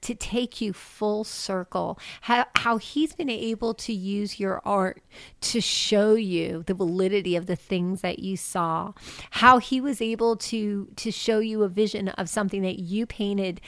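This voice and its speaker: A woman's voice: medium pitch, steady tone, measured pace, no echo, clean studio sound. A woman telling a faith story on a video call, acting out what people said and laughing often. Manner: acts out quoted voices, laughs often. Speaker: guest. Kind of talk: animated faith testimony.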